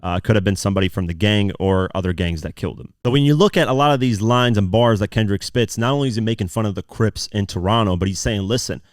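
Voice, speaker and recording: A man's voice: fairly low pitch, quick pace, hardly any pauses, no room sound, studio quality. A man hosting a podcast, talking casually as he breaks down lyrics line by line with frequent fillers. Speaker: podcast host.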